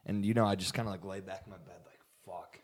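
Rambling young man, low voice. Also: steady tone, racing. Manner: rambling, swears often, says dude. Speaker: podcast co-host. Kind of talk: casual storytelling among friends.

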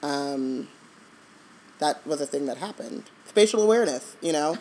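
A woman's voice: deep voice, animated, normal speed, a little mellow. A woman co-hosting a book discussion podcast, chatting casually, laughing often and trailing off mid-thought. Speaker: podcast co-host. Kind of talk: casual chat.

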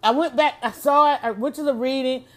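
A woman chatting casually on her own, animated and exclamatory, often restarting her sentences. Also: high voice, fairly quick. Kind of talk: casual solo chat.

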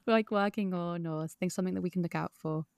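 Host: woman, lowish voice, frank and reactive, dry close sound. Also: fast, vocal fry, darkish tone, no room sound. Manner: frank, reactive, swears freely. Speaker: podcast host. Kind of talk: casual chat.

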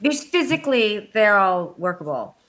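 A woman in casual chat, teasing her co-host and gushing excitedly about actors. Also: medium pitch, moderate pace.

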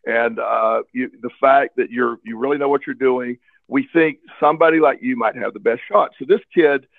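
A man's voice: mid-range voice, moderate pace, gravelly, no room sound. A man telling a personal story in a casual interview, candid and earnest, often repeating words as he searches for them. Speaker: interview guest. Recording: tinny phone line, dry.

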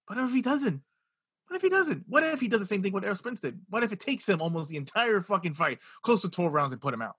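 Husky, bright-voiced man talking boxing. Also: high voice, fast, no room sound, clean studio sound. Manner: animated, swearing, repeats himself. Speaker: boxing podcast co-host. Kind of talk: casual chat.

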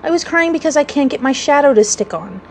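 A woman's voice: high-pitched, expressive, fast talker, slight background noise, pitched above the performer's own voice. A woman voicing a boastful, cocky young boy who speaks carelessly and crows about himself, in a storybook reading. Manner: crowing, careless.

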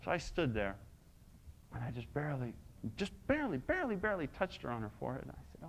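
A male preacher telling a story in a sermon, swinging dramatically between hushed and loud. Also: medium pitch, wildly swooping pitch, quick pace, creaky, a little hiss or hum.

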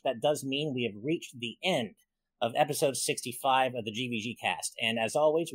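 A man's voice: mid-range voice, breathy edge, no room sound. A man hosting a casual gaming podcast, upbeat and thankful as he reads out supporter messages and names. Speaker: podcast host reading super chats.

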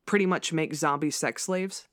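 A woman's voice: deep voice, normal speed, a bit bright, no echo, clean studio sound. A woman co-hosting a casual true-crime chat, chiming in with reactions and comments. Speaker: podcast co-host.

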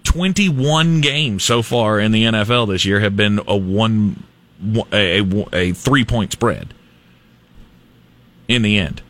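A man's voice: on the low side, animated, slow pace, a bit bright. A man co-hosting a casual sports talk show, wryly pushing back on his partner. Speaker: sports radio co-host.

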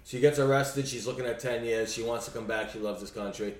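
A man's voice: mid-range voice, brisk, echoey room, distant mic. A man co-hosting a podcast, ranting bluntly in casual chat and swearing freely. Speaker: podcast co-host.

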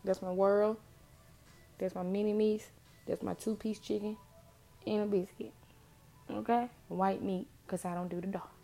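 A woman's voice: medium pitch, fairly even intonation, unhurried, creaky, pauses often, warm tone, faint music behind. A woman giving an earnest, impassioned motivational faith talk, repeating phrases for emphasis.

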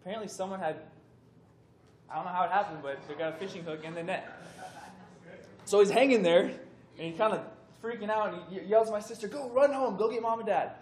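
A man's voice: high-pitched, quick pace, long pauses. Young man telling a story in an echoey hall. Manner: animated, conversational, acts out voices in stories. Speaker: youth speaker. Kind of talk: casual sermon storytelling. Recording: echoey room with faint background noise.

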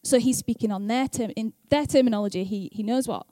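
A woman's voice: a little high, fairly quick, warm tone, no room sound. A young woman speaking at church in a chatty, self-deprecating way, laughing often, then reading scripture aloud. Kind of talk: casual talk and scripture reading.

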